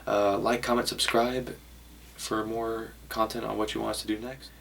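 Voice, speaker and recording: A man's voice: on the low side, little pitch movement, moderate pace, gravelly, a bit bright, slight background noise. A young man vlogging casually to camera, rambling a little and correcting himself as he shows off his haul. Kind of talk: casual vlog talk to camera.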